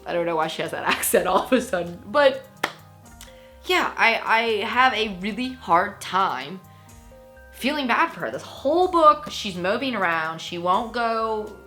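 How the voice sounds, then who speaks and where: A woman talks through a book review in a loose, chatty vlog style. She is animated, laughs often and fills her speech with little asides. Her voice is bright, and faint music plays underneath. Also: medium pitch, measured pace.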